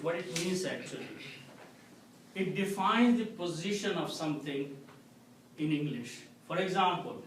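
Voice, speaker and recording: A man teaching an Arabic grammar lesson to a class, explaining slowly and checking with a frequent "okay?". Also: high-pitched. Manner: slow, explanatory, repeats "okay?" to check understanding. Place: mosque classroom. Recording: echoey room, distant mic, faint noise.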